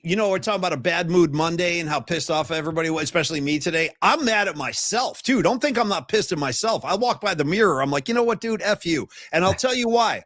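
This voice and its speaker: A man hosting a podcast, chatting casually with animated, self-deprecating banter. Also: high-pitched, no echo, clean studio sound. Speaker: podcast host. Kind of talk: casual chat.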